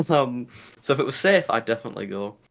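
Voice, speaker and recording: A man's voice: medium pitch, animated, a little fast, gravelly. Nasal-voiced male guest. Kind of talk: casual chat.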